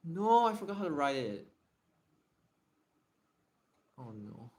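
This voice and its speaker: A man's voice: on the high side, sing-song, fairly quick, darkish tone. A man hosting a casual livestream Q&A, thinking aloud and often correcting himself and apologizing. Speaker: livestream host. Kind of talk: casual livestream Q&A while writing.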